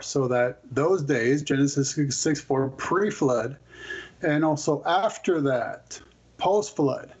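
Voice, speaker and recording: A man's voice: fairly high pitch, darkish tone, dull audio. A male author on a podcast as a guest, telling stories and laying out his arguments in conversation. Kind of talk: conversational explaining.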